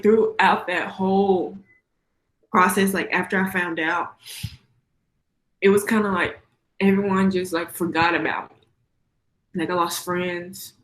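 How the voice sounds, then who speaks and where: A young woman giving a personal testimony in a church, telling her story in a casual, hesitant way with many fillers and a soft, heartfelt tone. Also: on the low side, echoey room, poor audio.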